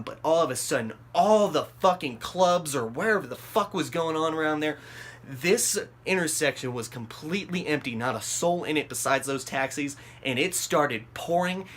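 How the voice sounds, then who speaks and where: This man's voice runs on the high side at a moderate pace as he loosely spins a wild tale for his vlog. It's animated, profane storytelling full of fillers and false starts, and his pitch leaps up when he re-enacts his own panic.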